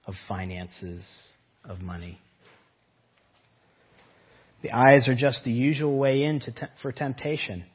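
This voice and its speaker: A man's voice: medium pitch, husky. A man preaching a sermon in an earnest way, often asking rhetorical questions. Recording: dull lo-fi recording.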